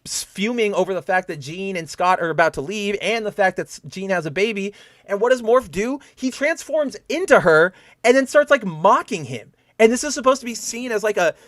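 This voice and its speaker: Male podcast host, high voice, dry close mic, animated, swears freely. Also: no room sound. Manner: animated and profane, acts out scenes in mock voices. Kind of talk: casual review commentary.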